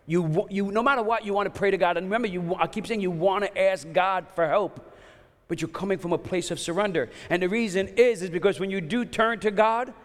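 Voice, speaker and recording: A man's voice: high-pitched, brisk. A man preaching a sermon in an earnest, conversational way, often restarting his sentences. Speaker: pastor. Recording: long hall reverb.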